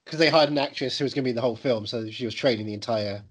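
A man's voice: mid-range voice, rapid-fire, breathy edge. A man co-hosting a podcast, chatting casually with a dry, teasing manner. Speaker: podcast co-host.

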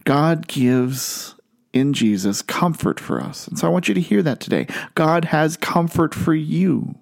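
A man preaching a sermon in an earnest way, slowing down and lifting his voice on key phrases. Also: a little high, lively intonation, creaky. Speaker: pastor.

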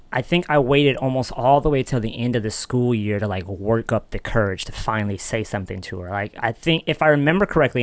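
A man's voice: medium pitch, no room sound. A man, a podcast producer, telling a story in casual chat and acting out the voices in it. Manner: animated, acts out voices in his stories.

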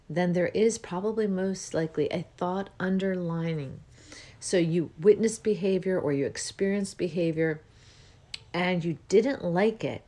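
A woman host talking in a rambling, soft-spoken spiritual monologue, with many pauses and restarts. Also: lowish voice. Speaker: podcast host.

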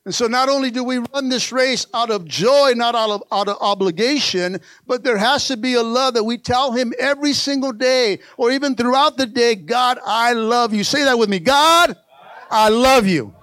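High-voiced older preacher, call-and-response. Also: male voice, a little fast, few pauses, a bit bright, no echo. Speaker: pastor. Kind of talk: sermon.

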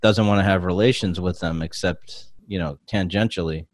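A man with a very deep, low voice hosts a podcast and talks through episodes in a rambling, unhurried way, full of fillers. The sound is close and dry. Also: fairly even intonation, no room sound. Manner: rambling, hesitant recap with many fillers. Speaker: podcast host. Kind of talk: casual chat.

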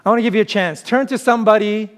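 A man preaching a sermon to his congregation in a relaxed, conversational way, often pausing on "uh", with playful asides that draw laughs. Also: high-pitched, clean tone. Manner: conversational preaching with frequent "uh" fillers. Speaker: pastor.

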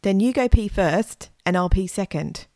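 A woman's voice: medium pitch, lively intonation, moderate pace, a little mellow, dry recording, clean studio sound, natural voice. A woman voicing a bossy, bold young girl who gives orders and teases. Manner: commanding and teasing.

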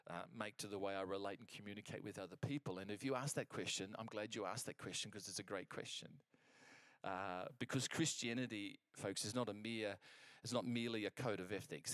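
Preaching a sermon in a fairly low voice, a man tells a personal story in an animated, conversational way, acting out the exchanges and often restarting. The recording is dry.

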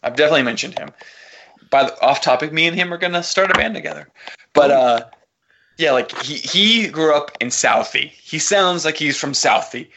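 A man's voice: a little high, lively intonation, normal speed, background noise. A man from the American South, co-hosting a podcast in a loose, joking, profane way. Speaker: podcast co-host. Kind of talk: casual podcast chat.

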